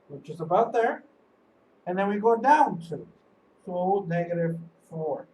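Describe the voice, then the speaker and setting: A teacher records a video lesson, slowly talking through each step and pausing to ask "okay?" along the way. The voice sounds set back from the microphone, and a faint hum of background noise runs underneath. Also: mid-range voice, distant mic, low-quality recording. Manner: patient, step-by-step, often checks in with "okay?". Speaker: high school math teacher.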